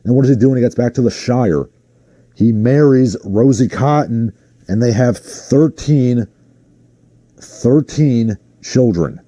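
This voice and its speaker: A man's voice: medium pitch, a little slow, warm tone, no room sound. A man hosting a livestream in a casual, ranting commentary style, sarcastic and exasperated. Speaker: livestream host.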